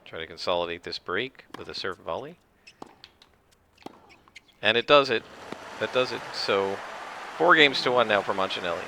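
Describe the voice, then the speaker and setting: Bright-voiced man explaining tennis gameplay. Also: fairly low pitch, lively intonation, moderate pace, long pauses, slight background noise. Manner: explains rules at length, rambling with restarts and throat clearing. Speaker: gameplay commentator. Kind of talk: casual let's-play commentary.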